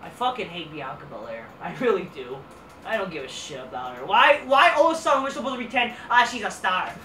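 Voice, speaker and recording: A woman host gives a profane, exasperated wrestling review with a bright, sharp edge. She sits back from the mic, and the room adds a roomy echo and faint hiss. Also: fairly low pitch, very animated, fairly quick, recorded from a distance.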